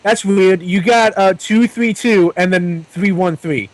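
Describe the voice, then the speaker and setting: Game master, man, light high voice, dry close mic, quick wry delivery. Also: no echo. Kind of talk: running a tabletop game.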